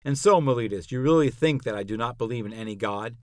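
A man's voice: medium pitch, fast, dry recording, studio quality, close to an everyday voice. A man reading as an old philosopher cross-examining his accuser. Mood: probing, indignant. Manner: rhetorical, questioning, pointed. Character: elderly male philosopher on trial, probing and ironic. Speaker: podcast narrator. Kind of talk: dramatic reading of a classical dialogue.

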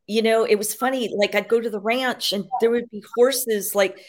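A woman guest, an animal communicator and medium, telling stories in a rambling, casual way with frequent fillers. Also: medium pitch. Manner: rambling, filler-heavy, frequent "you know". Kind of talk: casual storytelling interview.

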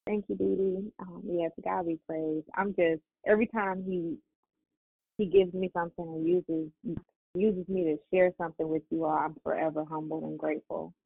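A woman's voice: lowish voice, normal speed, vocal fry, breathy edge, dry recording. A woman hosting a prayer call, preaching with fervent encouragement. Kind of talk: preaching and exhortation. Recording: dry, tinny phone line.

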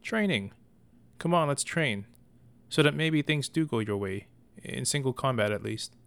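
A man's voice: medium pitch, vocal fry, close to an everyday voice. A man voicing a confident, good-humored young knight who encourages and teases his brother. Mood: encouraging. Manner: encouraging, smirking, brisk.

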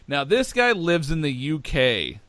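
Excitable man in a podcast chat. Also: fairly high pitch, measured pace, a crowd in the background. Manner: enthusiastic, rambling, with many fillers. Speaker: podcast co-host.

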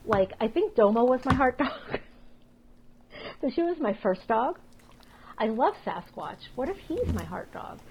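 A woman co-hosting a podcast, chatting casually and telling rapid, animated stories full of swearing. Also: a little high, a little hiss or hum, rough recording. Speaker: podcast co-host. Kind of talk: casual chat.

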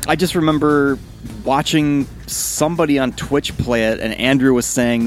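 A man's voice: medium pitch, steady tone, moderate pace, soft background music. A man co-hosting a casual podcast, laid-back and blunt in his complaints about games. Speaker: podcast co-host.

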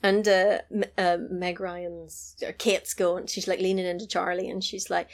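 A woman in casual chat, retelling a film's plot with animated storytelling and quick character impressions. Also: lowish voice, gravelly. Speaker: podcast co-host recapping a film.

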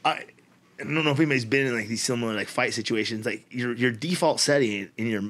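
A man's voice: medium pitch, fast talker. A man in his forties telling a story as a podcast guest, swearing freely and laughing often. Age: 40s. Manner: profane, animated, laughs often. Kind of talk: casual storytelling.

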